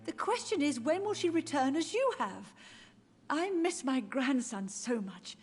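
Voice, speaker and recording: A woman's voice: high voice, very animated, a little slow, soft background music, exaggerated voice. A confused grieving old mother. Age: older. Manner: wandering, dreamy, slips into whispers. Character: elderly grieving mother, confused, haunted by the dead. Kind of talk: video game voice acting.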